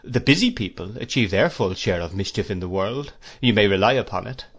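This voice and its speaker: A man's voice: fairly low pitch, lively intonation, a little fast, a bit bright. A man voicing a grave, probing lawyer. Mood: wry. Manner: pointed and questioning.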